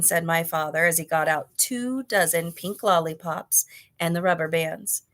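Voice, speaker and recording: A woman reading a children's novel aloud, with clear, expressive storytelling. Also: lowish voice, moderate pace. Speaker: storybook reader.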